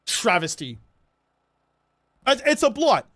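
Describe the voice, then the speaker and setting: A young Australian man streams a game and riffs with his chat, swearing freely and rambling sarcastically. His voice sits high for a man, and the sound is close and dry with no room around it. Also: very animated, takes it slowly, a bit bright, dry recording. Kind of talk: casual gameplay livestream chat.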